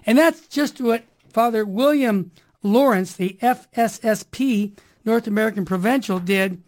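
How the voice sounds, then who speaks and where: A woman hosting a Catholic radio talk show, speaking in an energetic, preachy way and repeating rhyming slogans. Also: fairly high pitch, a little slow.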